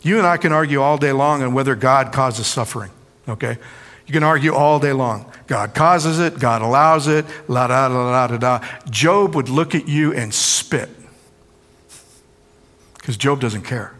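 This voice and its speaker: A middle-aged male preacher giving a sermon, swinging from loud pleading quotations to hushed asides. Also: medium pitch, a little slow, long reverb tail.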